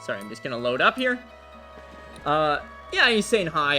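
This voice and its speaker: Guy speedrunning and telling a long joke, fairly high voice, game music loud behind. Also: very animated, moderate pace, poor audio. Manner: rambling joke-telling, many fillers. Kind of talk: casual gameplay commentary.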